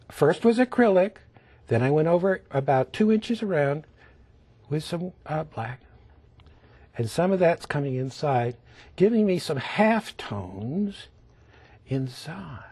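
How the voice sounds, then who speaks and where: Male painting instructor, TV lesson; unhurried, hushed and coaxing, lively pitch that drops into whispers. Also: slightly rough, no echo. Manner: gentle, often dropping to a whisper while demonstrating strokes; coaxing, keeps asking the viewer to look.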